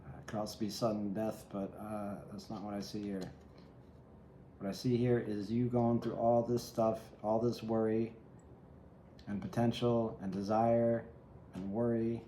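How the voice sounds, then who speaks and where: Man, tarot reader, reflective and musing, low mellow voice, echoey room, faint background hum. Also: flat delivery, unhurried. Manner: musing, reflective, speaks directly to the viewer. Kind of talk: solo tarot reading.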